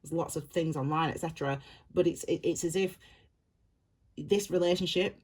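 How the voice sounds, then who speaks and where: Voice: medium pitch, normal speed, darkish tone, breathy edge. A tarot reader talks straight to the viewer in a loose, rambling way, circling back and repeating the same phrases. The voice sits in a middle register and the reading stays casual and reassuring throughout. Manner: reassuring, direct address to viewer.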